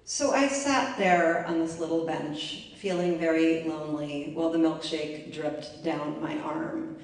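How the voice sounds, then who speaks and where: Woman storyteller with a lowish voice and a wry, self-mocking live delivery; very echoey room, distant mic. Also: a little slow. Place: library event space.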